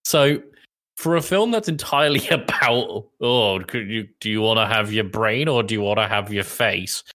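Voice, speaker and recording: Amused British man, bright low voice. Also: normal speed. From Britain. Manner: amused, laughs often, easygoing. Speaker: podcast co-host. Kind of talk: casual chat, film review.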